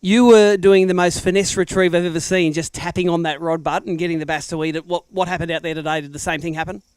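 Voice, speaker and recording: An Australian man emceeing a live weigh-in, talking quickly in a fairly high register. His voice comes through smooth and clear, and his banter with the anglers is energetic and matey. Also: no echo. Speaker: tournament emcee. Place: outdoors at a lakeside weigh-in.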